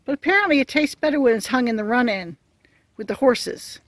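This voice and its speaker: A woman homesteader talking casually outdoors at her barn, chatting about the water setup and cooing to her animals in a higher sing-song voice. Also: animated, brisk, dry recording. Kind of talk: casual farm vlog chat. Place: outdoors at a barn and livestock run.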